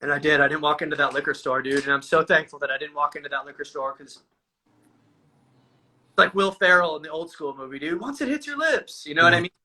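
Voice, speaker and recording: A man's voice: a little high, steady tone, quick pace, pushed and bright, low-quality recording. A man telling his own story in casual, profane talk, calling his listener "dude" again and again. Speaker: guest sharing a recovery story. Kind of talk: candid conversational storytelling.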